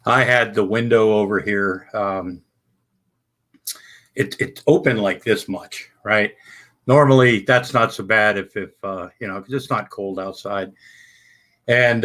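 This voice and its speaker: A bright-voiced, medium-pitched man hosts a livestream from indoors at home, rambling to his viewers. He swears casually, breaks into loud bursts, and calls his audience "folks."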